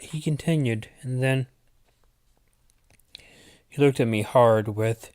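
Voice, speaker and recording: Slow, unhurried male storyteller. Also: mid-range voice, a little mellow, clear, resonant tone, no room sound. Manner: unhurried, deliberate reading with asides. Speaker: channel host reading his own story. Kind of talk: storytelling narration.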